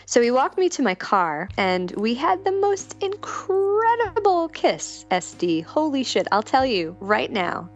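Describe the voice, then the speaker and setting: A woman's voice: high voice, sing-song, measured pace, hardly any pauses, faint music behind. A woman talking frankly and casually as a podcast guest, laughing often as she talks. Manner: frank, giggly, breaks into laughter. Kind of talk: candid casual chat.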